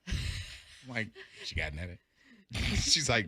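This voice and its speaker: Animated, bright-voiced male radio host. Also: normal speed, long pauses, slightly rough, dry recording. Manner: animated, loud storytelling with big jumps in pitch. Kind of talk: morning radio banter.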